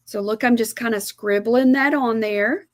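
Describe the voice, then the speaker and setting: An art instructor from South Alabama, USA, with a Southern American accent, chats her way through a live watercolor demonstration, explaining each step in a homey manner. Her voice is a little high and her pace moderate, captured in a dry recording with clean studio sound.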